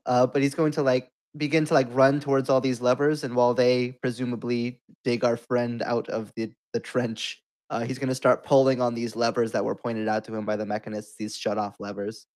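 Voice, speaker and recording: A man's voice: mid-range voice, level tone, normal speed, a little mellow. A man hesitantly describing his character's moves. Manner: hesitant, many fillers. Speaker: player.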